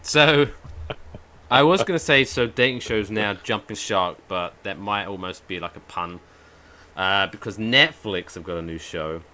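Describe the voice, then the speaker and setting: A man co-hosting a podcast in casual chat, telling stories in an animated way with swearing and asides. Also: fairly low pitch, a little slow, a little hiss or hum. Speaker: podcast co-host.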